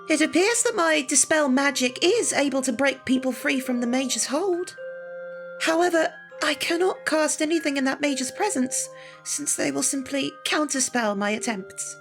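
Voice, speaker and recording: A reader voicing a formal, polite young female knight with fangs who turns hissing and furious, in a visual novel reading with soft music under it. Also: high voice, normal speed, pitched above the performer's own voice. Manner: formal, stiff speech, erupting into hissing fury.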